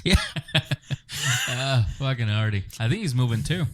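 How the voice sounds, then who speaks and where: A man with a mid-pitched voice and a lively, rising-and-falling delivery. He is a comedian telling stories in casual, profane podcast chat and giggles between lines. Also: normal speed, background noise. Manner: giggly, tells anecdotes. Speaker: comedian co-host. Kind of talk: casual crude banter.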